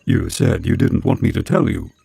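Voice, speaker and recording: A man voicing a sardonic talking computer that speaks in a flat, dull, deadpan way. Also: moderate pace, no echo, natural voice.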